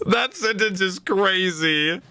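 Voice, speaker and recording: Animated, exclaiming young reaction host. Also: mid-range voice, takes it slowly, clear, resonant tone. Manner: loud, exclaiming, swears often. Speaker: anime reaction channel host. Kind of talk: excited reaction commentary.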